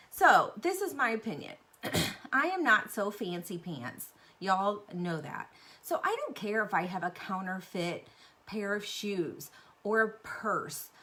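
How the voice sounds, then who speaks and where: Woman vlogger, casual chat, animated, lots of ums, middle-aged. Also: mid-range voice. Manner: chatty and animated, with many fillers. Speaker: beauty vlogger and sales rep.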